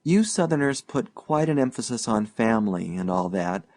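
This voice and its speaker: A man voicing an eager, boastful young northern man in an audiobook, loud, pushy and emphatic. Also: medium pitch, animated, normal speed, close to an everyday voice.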